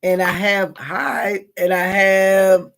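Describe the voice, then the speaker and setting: A woman with a Southern American accent talks loosely to her live viewers. She rambles, starts over, and fills gaps with ums and you-knows. Her voice sits at a middle pitch. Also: little pitch movement, slow pace, creaky. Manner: rambling, repeats herself, frequent fillers. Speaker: live stream host. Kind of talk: casual spoken reflection.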